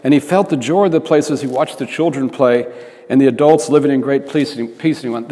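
A man's voice: mid-range voice, brisk, dark tone. A man preaching by telling a story, in an earnest manner that often restarts phrases. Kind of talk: storytelling sermon. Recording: reverberant hall.

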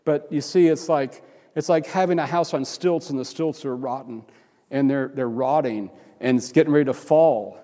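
A man preaching a sermon in a conversational, rambling way, full of restarts and asides, his voice climbing high and animated whenever he acts out what other people say. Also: normal speed. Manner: rises high and animated when acting out quotes. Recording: long hall reverb.

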